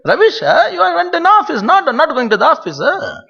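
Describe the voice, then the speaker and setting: A man doing a high, nagging voice of a middle-aged Indian father quizzing his son, in an Indian English accent. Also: wildly swooping pitch, brisk, gravelly, pushed and bright, heavily acted. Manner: shrill, nagging questions. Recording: dull lo-fi recording.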